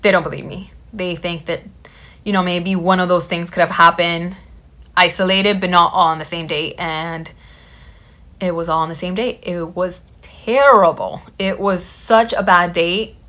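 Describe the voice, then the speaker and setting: Bright-voiced woman telling a story. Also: on the low side, measured pace. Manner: animated, quotes people in her own voice. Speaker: vlogger. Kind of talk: casual storytelling to camera.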